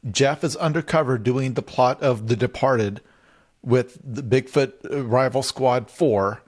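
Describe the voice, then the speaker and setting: A man's voice: medium pitch, unhurried, darkish tone. A man co-hosting a comedy podcast, recapping a show with joking asides. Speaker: podcast co-host. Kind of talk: casual comedic recap chat.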